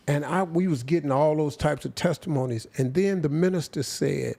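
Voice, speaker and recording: Gravelly older guy, aave, slow heartfelt storytelling, gets really quiet at the sad parts. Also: fairly high pitch. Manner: slow, heartfelt, drops to near silence at emotional points. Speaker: interview guest. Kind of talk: emotional storytelling.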